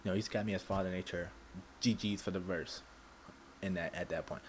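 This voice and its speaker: A man's voice: low voice, steady tone, fairly quick, a little hiss or hum. A man giving casual anime commentary, rambling with lots of stammered restarts and slang.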